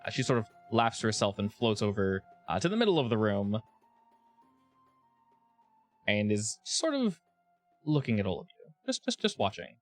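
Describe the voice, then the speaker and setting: Male game master, relaxed narration, hesitant fillers, faint music underneath. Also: lowish voice, normal speed, pauses often.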